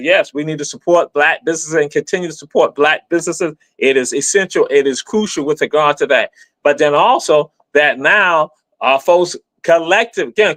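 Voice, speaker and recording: Man, slightly high voice, teacherly and repetitive, spells terms aloud, dry close sound. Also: fairly bright tone, dry recording. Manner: repetitive, spells words out letter by letter; emphatic, teacherly. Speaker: live stream speaker. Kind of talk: explanatory live stream talk.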